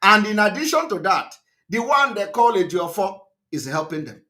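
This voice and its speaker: A man's voice: high-pitched, sing-song, moderate pace, sharp tone. A middle-aged man with a Nigerian English accent giving a live broadcast address, emphatic and repetitive, firing rhetorical questions at his listeners. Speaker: political broadcaster.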